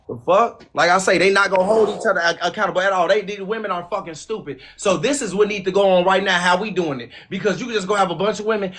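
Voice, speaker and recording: A fast-talking man, hosting a podcast. His voice sits high and he swears constantly, scornful and combative. He pushes his opinions hard. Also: a bit bright, a little hiss or hum. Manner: profane, aggressive, scornful. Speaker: podcast host. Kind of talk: heated opinion rant.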